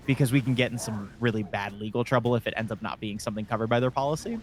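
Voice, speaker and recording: A man's voice: lowish voice, racing, few pauses, a little hiss or hum. A man chatting casually on a gaming stream, telling a long work story full of swearing and fillers. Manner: rambling storyteller, swears a lot, many fillers.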